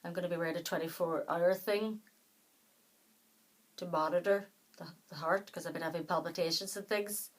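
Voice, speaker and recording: A woman vlogging in casual chat to the camera, out of breath, her talk soft and halting, often trailing off. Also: lowish voice, steady tone, rough recording. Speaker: doll collector vlogger.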